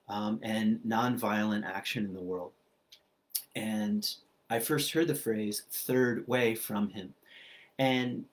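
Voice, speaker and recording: Guy, lowish voice, slow thoughtful sermon, lots of ums. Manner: thoughtful, many ums and restarts, repeats phrases. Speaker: speaker at a spiritual community. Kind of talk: reflective sermon talk.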